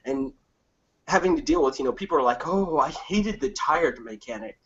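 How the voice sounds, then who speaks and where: A man's voice: on the high side, moderate pace, husky, muffled recording. A man in a casual gaming podcast, ranting with lots of swearing and comic asides. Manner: profane, animated ranting with comic impressions. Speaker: podcast panelist.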